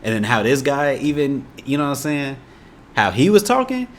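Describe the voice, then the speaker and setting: A man's voice: medium pitch, big pitch swings, moderate pace, slight background noise. A young man from Indiana with an Indiana accent, chatting casually to camera in a laid-back, rambling way. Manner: laid-back, rambling, often says "you know what I'm saying". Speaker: YouTuber reacting to a video. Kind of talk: casual storytelling and chat.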